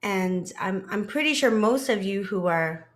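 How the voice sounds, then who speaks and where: A woman in her thirties hosting a podcast in casual chat from an office, chatty and relaxed, laughing often. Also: medium pitch, measured pace. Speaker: podcast host, dentist.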